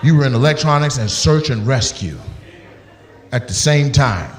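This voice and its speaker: A man doing crowd work on stage, loud and animated, acting out voices as he riffs with the audience. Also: medium pitch, normal speed. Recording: echoey venue with loud ambience.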